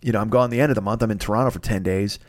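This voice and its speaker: A man's voice: fairly low pitch, steady tone, racing, dry recording. Profane ranting podcast host, man. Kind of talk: comedic rant.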